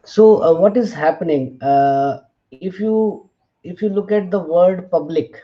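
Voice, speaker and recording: Guy lecturing slowly, spells stuff out letter by letter, kinda high but mellow voice, dull lo-fi audio. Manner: slow, deliberate, spells out letters, frequent "fine" and "uh". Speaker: linguistics lecturer. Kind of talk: lecture explaining examples.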